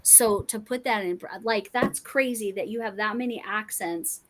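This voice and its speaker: A woman's voice: medium pitch, normal speed, noisy background. A woman from Colorado hosting a casual crafting livestream, rambling with many restarts and fillers. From Colorado, USA. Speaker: livestream host. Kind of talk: casual chat while crafting.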